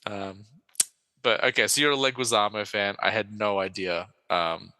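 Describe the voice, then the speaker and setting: Bright-voiced chatty man. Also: lowish voice, steady tone, moderate pace, clear, resonant tone, no room sound, long reverb tail. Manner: rambling, chatty, laughs often. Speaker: podcast co-host. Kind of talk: casual film podcast chat.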